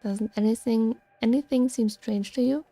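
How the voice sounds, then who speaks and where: A woman's voice: a little high, steady tone, moderate pace, dark tone, no echo. A woman reading game lines aloud as a careful young heroine who is worried and suspicious. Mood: uneasy.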